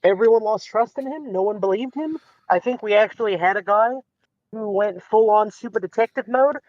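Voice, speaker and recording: A man chatting casually as a guest, telling a story with animated acted-out quotes. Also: high-pitched, a little fast, dry recording, dull audio.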